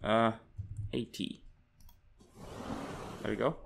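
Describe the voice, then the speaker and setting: Young male gaming host, bright voice with lively swings, excitable horror let's play commentary. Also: mid-range voice, normal speed. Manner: jumpy and excitable, yelps and swears when startled; reads in-game notes aloud.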